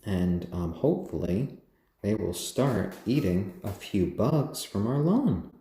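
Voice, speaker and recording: A man hosting a casual home live stream, gently cooing to his pet chickens and chatting with viewers. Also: fairly low pitch, very animated, slow pace, echoey room. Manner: chatty, answers viewers' comments.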